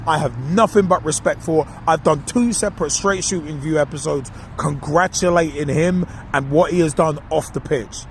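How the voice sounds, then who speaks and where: A man on a podcast talks football in a casual, gleeful rant, mocking and animated. His voice sits a little high for a man. Faint traffic noise hums behind him. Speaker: podcast co-host. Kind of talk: casual football opinion monologue.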